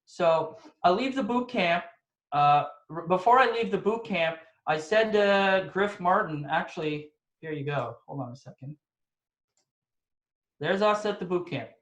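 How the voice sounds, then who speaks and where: Brief: man with a high voice, lively motivational storyteller on a video call, echoey room. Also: measured pace. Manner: energetic, storytelling, rhetorical questions. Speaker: insurance agent guest speaker.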